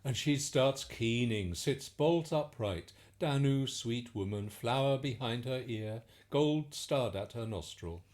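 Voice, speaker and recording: A man's voice: mid-range voice, slow pace, few pauses, darkish tone. A man narrating a verse epic with vivid, rhythmic delivery.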